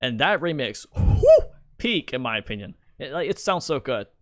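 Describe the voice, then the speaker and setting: Young male streamer, rambling, restarting often, mid pitch, dry sound. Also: very animated, normal speed, no room sound. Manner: stammering, restarts a lot, rambling. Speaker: streamer and video creator. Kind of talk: casual live-stream commentary.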